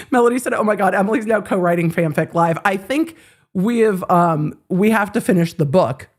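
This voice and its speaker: A woman hosting a live legal commentary stream, telling a story in a casual, animated way and acting out the lines she quotes. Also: mid-range voice, moderate pace.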